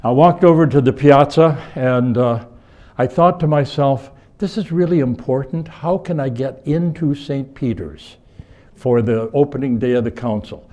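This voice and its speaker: Older bishop: anecdotal lecturer who restarts his sentences, mid-pitched voice. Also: normal speed. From United States. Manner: rambling, self-correcting, warm anecdotal. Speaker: bishop giving a conference talk. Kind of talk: storytelling lecture. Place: conference hall before an audience.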